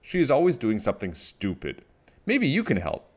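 A man's voice: medium pitch, wildly swooping pitch, normal speed, a little mellow, pitched above the performer's own voice. A man doing a shrieking mean mother witch. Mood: scolding. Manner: screeching, scolding. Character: mean bossy mother witch, loud and shrill.

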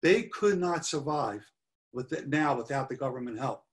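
A man's voice: medium pitch, expressive, normal speed. A middle-aged man giving a history lecture over slides, earnest and stressing key points by repeating them. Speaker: history presenter.

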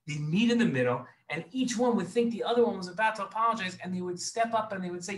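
A man hosting a children's show, telling a story and acting out the characters with lively voices. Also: sits high, fast talker, hardly any pauses. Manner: animated, acts out characters in raised voices. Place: synagogue video set.

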